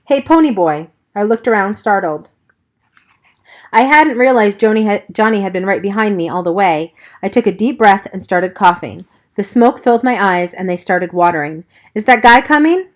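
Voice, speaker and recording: A woman narrating a first-person novel aloud in a steady, plain reading voice. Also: mid-range voice, moderate pace. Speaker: audiobook reader.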